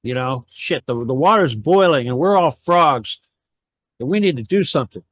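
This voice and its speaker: A man's voice: on the high side, lively intonation, normal speed, fairly bright tone, no echo, studio quality. A man talking on a radio talk show, rambling and heated, firing off rhetorical questions.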